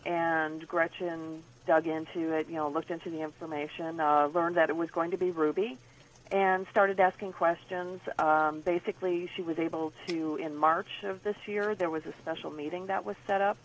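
A woman who is a guest and animal advocate on a radio interview, explaining in a measured way with some fillers. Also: low voice, steady tone, slight background noise, rough recording.

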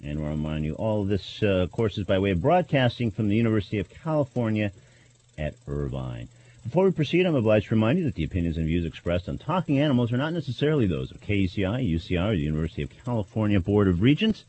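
A man's voice: fairly low pitch, sing-song, fast talker, dark tone, muffled recording. A man hosting a college radio talk show, announcing with frequent hesitations and fillers. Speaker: radio host.

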